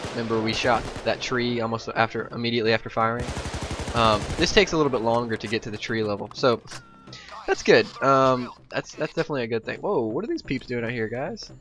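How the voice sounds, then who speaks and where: Bright-voiced young man commenting on gameplay. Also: mid-range voice, brisk. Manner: rambling, many ums and asides. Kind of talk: casual game commentary.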